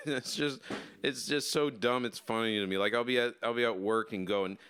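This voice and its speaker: A man's voice: medium pitch, steady tone, normal speed, fairly bright tone, clean tone, dry recording. A man from Ohio, a comedian co-hosting a podcast, rambling through crude, self-deprecating jokes. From Columbus, Ohio, USA. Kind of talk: casual podcast banter.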